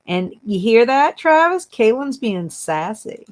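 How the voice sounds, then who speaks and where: With a low, animated voice marked by vocal fry, a woman runs a relaxed booktube livestream at an unhurried pace. She giggles a lot while reading comments aloud and poking fun at her chat.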